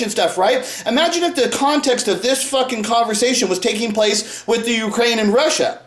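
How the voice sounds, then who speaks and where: A man's voice: very high-pitched, fairly quick, hardly any pauses, fairly bright tone. Angry profane man ranting in echoey room. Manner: heated, profane, mocking put-on voices. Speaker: sports card YouTuber.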